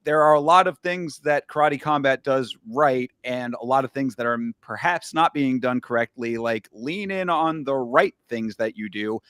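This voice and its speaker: A man's voice: medium pitch, normal speed, hardly any pauses, fairly bright tone, clean tone, no echo. A man hosting a casual podcast, talking in a rambling way with many restarts and asides. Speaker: podcast host. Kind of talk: casual chat.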